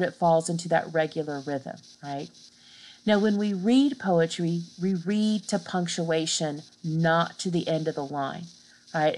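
Woman lecturer, somewhat low voice, relaxed recorded-lecture delivery with constant "right?" check-ins. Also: a little hiss or hum, rough recording. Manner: explanatory, checks in with frequent "right?"; casual teaching with fillers. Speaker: literature lecturer. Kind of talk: recorded online lecture over slides.

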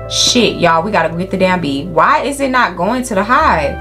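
A young woman runs her let's-play in an animated, cussing, chatty way, scolding the game animals and joking with viewers. Her voice sits at a middle pitch. Soft game music plays faintly behind her. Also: moderate pace. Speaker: gaming YouTuber. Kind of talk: casual let's-play commentary.

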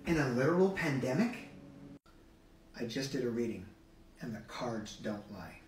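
A man's voice: medium pitch, sing-song, normal speed, heavy background noise, close to an everyday voice. A man playing his trendy teenage daughter in an exaggerated valley-girl drawl. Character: trendy teen daughter, young woman. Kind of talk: comedic impression. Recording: echoey room, far from mic.

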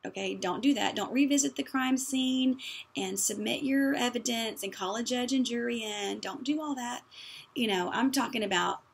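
A woman's voice: on the high side, moderate pace, vocal fry, husky. A woman giving a practical church-style talk in a conversational, folksy way, with many fillers. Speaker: speaker teaching on apologies.

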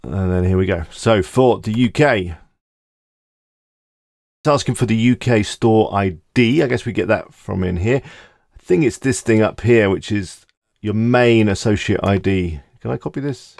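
A man with a low, gravelly voice talks through a screen-recorded tutorial, easy and casual, thinking aloud as he clicks. The sound is close and dry, with no room around it. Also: measured pace, darkish tone, no room sound. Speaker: tutorial host.

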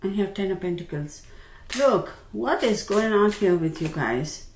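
A woman giving a casual tarot reading, chatty and expressive, talking straight to the viewer. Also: mid-range voice, normal speed. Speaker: tarot reader. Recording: roomy with faint background noise.

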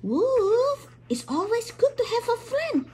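A woman's voice: very high voice, sing-song, slow, a little mellow. A woman chatting playfully with her dog, coaxing it and laughing often. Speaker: dog owner. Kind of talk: casual chat with her dog.

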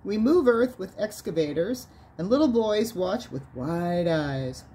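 A woman reading a nonfiction book aloud in a measured way, lifting her voice on key words. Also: fairly low pitch, animated, mellow, a little hiss or hum. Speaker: reader of a book on sound healing.

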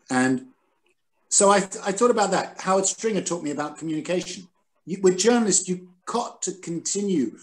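Animated older man telling stories. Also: on the high side, normal speed. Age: 60s. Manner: animated, self-deprecating, quotes others dramatically. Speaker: guest, former newspaper editor. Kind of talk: recalled anecdotes in a Zoom conversation. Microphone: video call.

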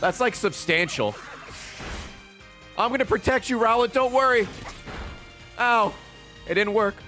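A male streamer in excitable, profane gaming commentary who laughs often. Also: sits high, measured pace, faint music behind.

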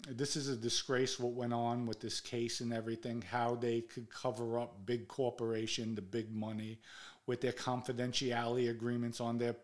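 Middle-aged New man, podcast host, blunt and fired up, swears, mid-pitched. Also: level tone, moderate pace. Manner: blunt, heated, swears freely. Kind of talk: personal storytelling monologue.

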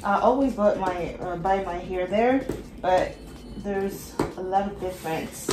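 A woman chatting casually to camera as an art vlogger, often pausing to search for the right word. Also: mid-range voice. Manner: chatty, searches for words, many fillers. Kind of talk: casual vlog chat to camera. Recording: roomy echo with background music. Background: music playing.

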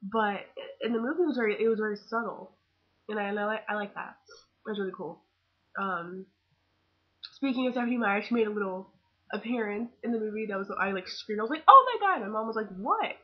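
Teenage girl, excited gushing vlogger, husky voice, dull lo-fi webcam sound. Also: medium pitch, brisk, pauses often. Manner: gushing, excitable fangirl chatter full of "like" and "oh my god". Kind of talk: casual movie review vlog.

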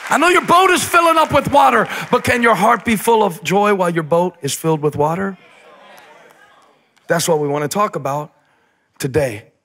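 High, lively male preacher. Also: normal speed, some chatter behind. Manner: animated, shouts for emphasis, joking asides. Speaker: pastor. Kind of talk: sermon. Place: church stage.

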